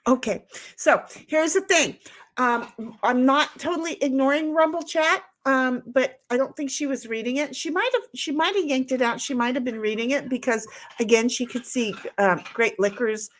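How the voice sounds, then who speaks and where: A woman's voice: sits high, normal speed. A middle-aged woman hosting a livestream from home, chatting casually and rambling while reading chat aloud. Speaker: livestream host.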